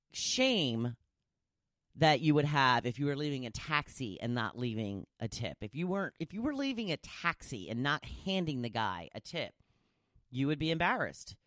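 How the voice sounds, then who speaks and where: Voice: medium pitch, fairly bright tone, dry recording, clean studio sound. A podcast host talking casually on their own, rambling from one story to the next with lots of asides. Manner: chatty and rambling, with many asides. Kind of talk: casual solo podcast chat.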